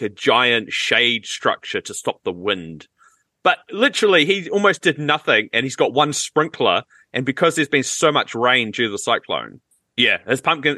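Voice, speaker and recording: A man co-hosting a podcast in casual chat, easygoing and quick with joking asides. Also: medium pitch, sharp tone, no room sound. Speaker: podcast co-host.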